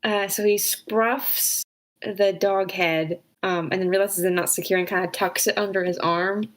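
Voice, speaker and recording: A woman's voice: mid-range voice, steady tone, moderate pace, poor audio. A woman playing a tabletop game, chatting and describing her character's actions. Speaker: player.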